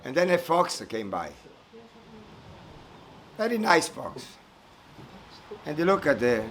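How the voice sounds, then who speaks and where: A man giving a spiritual talk at a retreat, telling a folk story slowly and haltingly, searching for words and chuckling as he goes. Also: fairly high pitch, very animated, a bit bright, a little hiss or hum, poor audio. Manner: halting, searching for words, many fillers and repeats. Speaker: spiritual teacher speaking at a retreat.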